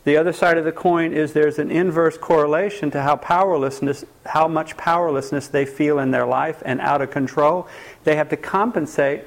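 The anger workshop continues with a man speaking at normal speed in a fairly high voice to a live audience. Lively throughout, he asks listeners questions and acts out the words of people he quotes.

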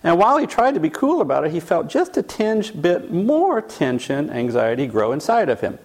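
Lively storytelling male lecturer. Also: fairly high pitch, normal speed. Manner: tells a case story, then asks the audience questions. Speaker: teacher.

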